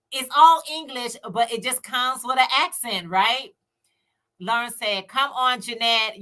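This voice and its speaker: Chicago woman, relaxed unhurried livestream chat, bright voice, talks to viewers directly. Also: high-pitched. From United States. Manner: chatty, laughs often, talks to viewers directly. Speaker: co-host filling in on a livestream. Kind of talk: casual livestream chat, reading viewer comments.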